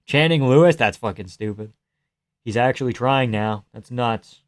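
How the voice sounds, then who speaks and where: A young man hosting a livestream, reacting to a fight with casual, profane commentary, yelling advice at the fighters and laughing often. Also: medium pitch, normal speed. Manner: excitable, profane, yells at fighters, frequent laughs. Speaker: livestream host.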